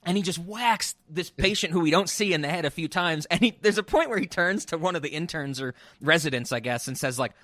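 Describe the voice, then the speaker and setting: A chatty man co-hosting a podcast, his voice a touch high and laughter often breaking through. He is recorded close and dry, with no room sound. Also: brisk, few pauses, fairly bright tone, no room sound. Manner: chatty, laughs a lot, many fillers and restarts. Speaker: podcast co-host. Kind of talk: casual chat.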